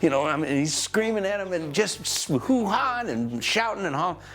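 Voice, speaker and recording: A man in his sixties, a composer recounting a studio session in an animated, rambling way. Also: high voice, normal speed. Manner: animated storyteller, full of "you know" and "man". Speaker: composer telling a story. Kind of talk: anecdotal interview.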